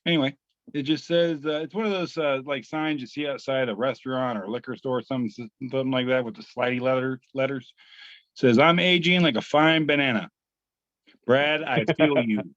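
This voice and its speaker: Reading memes on a casual podcast he co-hosts, a man speaks at medium pitch in a slightly bright voice. His delivery is halting, packed with fillers and false starts, and the podcast audio is dry and a little muffled.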